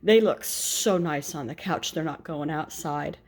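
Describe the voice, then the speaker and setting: A woman's voice: low voice, unhurried. An older woman and grandmother chatting casually to camera about her shopping haul, rambling with asides and self-corrections. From United States. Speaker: vlogger showing a shopping haul.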